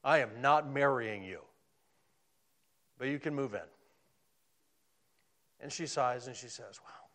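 Male preacher, sermon, animated delivery, somewhat high voice, loud peaks and soft drops. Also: unhurried. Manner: animated, swings from loud emphasis to hushed near-whispers.

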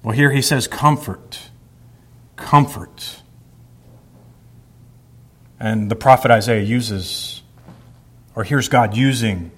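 A man's voice: fairly low pitch, husky. A male pastor reading scripture aloud and then preaching a verse-by-verse sermon, explaining words with emphasis.

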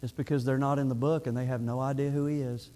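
A man's voice: mid-range voice, little pitch movement, fast talker, dark tone. A middle-aged male pastor preaching a sermon in an earnest, conversational way, often restarting his phrases.

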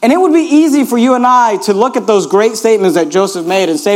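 A man's voice: sits high, quick pace, hardly any pauses. A man preaching a sermon in an earnest, emphatic way, urging listeners again and again to notice each point.

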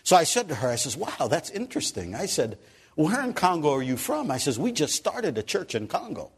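A man preaching a sermon, telling a story with animated swings from loud emphasis to soft, quiet lines. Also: a little high, brisk, creaky, breathy edge.

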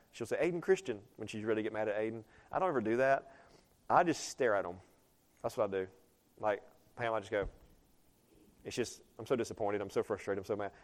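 A man's voice: fairly low pitch, a little mellow. A man preaching a sermon, talking conversationally, asking the congregation questions and reading scripture aloud. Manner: reads scripture aloud in older English. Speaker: pastor.

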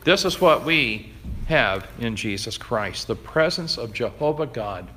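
A man delivers a sermon in an earnest, emphatic manner, now and then stumbling into fillers and restarts. His voice is bright and forceful at a middling pitch. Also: animated, a little slow, a little hiss or hum. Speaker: pastor.

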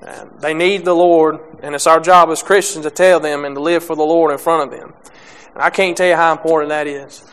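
A young man preaching a sermon, halting with many restarts and fillers, reading scripture and speaking plainly about faith. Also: on the high side, fairly even intonation, fairly bright tone, smooth.

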